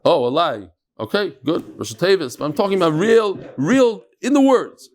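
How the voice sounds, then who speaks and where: Teaching his daily Talmud lesson, this middle-aged man speaks at a moderate pace with a high-sitting voice and lively intonation. He keeps it chatty, often restarting or wandering into asides, and drops in Hebrew and Aramaic words.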